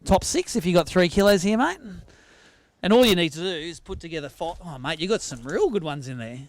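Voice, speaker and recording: An Australian man with a high-pitched voice emcees a live tournament weigh-in on an outdoor stage at a sailing club. He's energetic and quick-talking, teasing as he banters, and there's no room sound.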